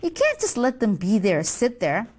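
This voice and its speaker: A woman's voice: fairly high pitch, huge pitch swings, normal speed, a little mellow. A woman playing a boastful, scheming devil boss in a comedy sketch, gloating and scornful, with theatrical whispers.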